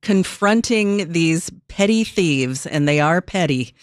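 A woman's voice: on the low side, lively intonation, slow, dry recording, clean studio sound. A woman hosting a call-in radio show, thanking callers and asking follow-up questions. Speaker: radio talk show host.

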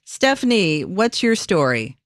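A woman's voice: lowish voice, sing-song, measured pace, no room sound, clean studio sound. A woman hosting a call-in radio show, thanking callers and asking follow-up questions. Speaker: radio talk show host.

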